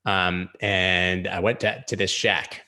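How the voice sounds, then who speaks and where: A man's voice: low-pitched, flat delivery, slow pace, pushed and bright. A man hosting a live-streamed chart analysis, rambling casually with jokey asides. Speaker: crypto chart analyst host.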